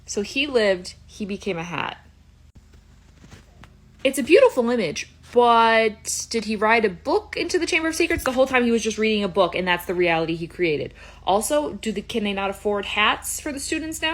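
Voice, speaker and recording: A young woman giving playful, casual reaction commentary as a video creator. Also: mid-range voice. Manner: chatty and playful, quick asides.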